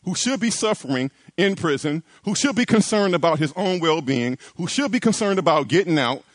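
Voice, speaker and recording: A man's voice: on the high side, brisk, no echo. A man preaching a sermon to his church, building emphasis with repeated phrases and rising lines. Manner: animated preaching with repetitions and emphatic rises. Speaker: pastor.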